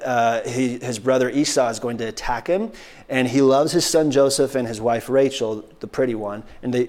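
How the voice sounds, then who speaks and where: A man preaching a sermon as pastor, conversational, with frequent restarts and quick acted-out voices for biblical characters. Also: medium pitch, a little mellow.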